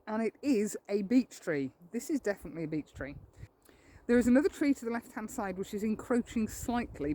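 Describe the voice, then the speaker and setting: A landscape photographer from England talks her way through a woodland walk for an outdoor vlog, slightly out of breath and self-deprecating as she thinks aloud. Her mid-range voice is a little mellow, with a little hiss or hum on the recording.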